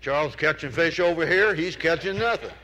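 A man preaches a sermon in a bright, forward voice. He spins homespun stories, keeps checking whether his listeners are following him, and lifts his voice to act out the people in his tales. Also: fairly high pitch, a little fast, low-quality recording. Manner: folksy storytelling, asks the congregation questions; acts out characters in raised voices.

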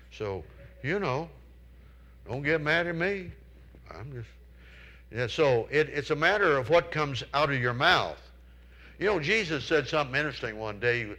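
A man preaches a sermon in a bright, forward voice. He spins homespun stories, keeps checking whether his listeners are following him, and lifts his voice to act out the people in his tales. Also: medium pitch, low-quality recording. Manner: folksy storytelling, asks the congregation questions; acts out characters in raised voices.

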